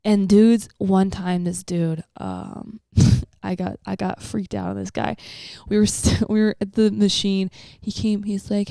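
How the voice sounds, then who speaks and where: A woman hosting a podcast in casual chat. She tells stories in an animated way, full of swearing and slang, on a close studio mic. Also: mid-range voice, unhurried, gravelly, dry recording. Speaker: podcast host.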